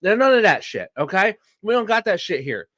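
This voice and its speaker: Ranting man, higher voice. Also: big pitch swings, a little fast, bright, forceful tone, no room sound, clean studio sound. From Philadelphia. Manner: heated, profane ranting. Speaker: podcast co-host. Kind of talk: casual sports chat.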